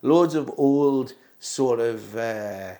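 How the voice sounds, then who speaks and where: A man, a comedian guest, chatting casually and telling stories with animated, quick asides. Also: mid-range voice. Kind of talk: casual chat.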